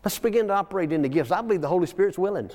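Reverberant male preacher, fairly high voice. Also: expressive, racing, darkish tone. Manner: folksy, chuckling asides, reads scripture aloud. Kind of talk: sermon. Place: church sanctuary. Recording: long church reverb.

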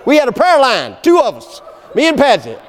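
A man's voice: very high voice, fairly quick. A man preaching a sermon in a folksy storytelling way, breaking into laughter and calling out "amen". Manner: storytelling, animated, laughing asides, frequent "amen". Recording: long hall reverb.

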